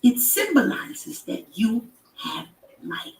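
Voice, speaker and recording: High-voiced woman preaching on a live stream, repeats herself, gets shouty, far off the mic in an echoey room. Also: sing-song, slow. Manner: emphatic, repeating, rising to shouts. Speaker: inspirational live-stream host. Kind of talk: preaching-style motivational talk.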